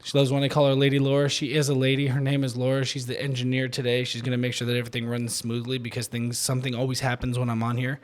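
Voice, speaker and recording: A man hosting a solo podcast, talking in a rambling, self-deprecating way with lots of restarts, a bit out of breath. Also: mid-range voice. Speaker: podcast host.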